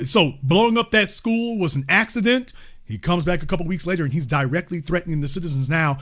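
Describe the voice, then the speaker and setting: Male host, bright forceful tone, emphatic, repeats himself, swings loud to quiet. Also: on the high side, a little fast. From Louisiana. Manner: emphatic, repetitive, swings between loud and hushed. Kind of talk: impassioned political commentary.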